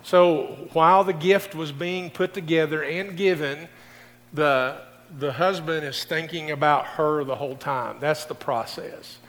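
A man's voice: a little high, a little slow, fairly bright tone. A middle-aged male pastor preaching a folksy sermon, speaking directly to his congregation. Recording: distant voice in a reverberant hall.

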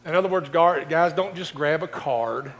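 A man's voice: a little high, moderate pace, a bit bright. A middle-aged male pastor preaching a folksy sermon, speaking directly to his congregation. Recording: distant voice in a reverberant hall.

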